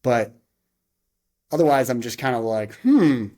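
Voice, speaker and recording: A man's voice: medium pitch, normal speed, a little mellow. A man hosting a casual wrestling review, running through the matches move by move, with frequent restarts and side tangents. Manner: rambling, with frequent restarts and asides; rattles off move-by-move calls in bursts.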